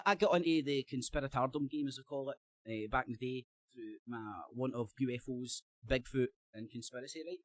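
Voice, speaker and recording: A man's voice: medium pitch, no echo. A Scottish man on a live-stream panel, rambling and self-correcting as he talks. He swears, laughs often and trips over his words in casual debate.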